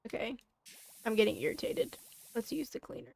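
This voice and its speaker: A woman's voice: fairly high pitch, sing-song, fairly quick, vocal fry, a little mellow, a little hiss or hum. A woman streaming a game, chatting casually and muttering to herself as she plays. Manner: mutters to herself while playing.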